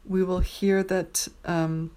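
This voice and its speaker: A woman teaching pronunciation, saying each word slowly and clearly, with pauses between words. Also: fairly low pitch, flat delivery, warm tone. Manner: carefully enunciated single words with pauses. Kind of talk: slow, deliberate pronunciation drill.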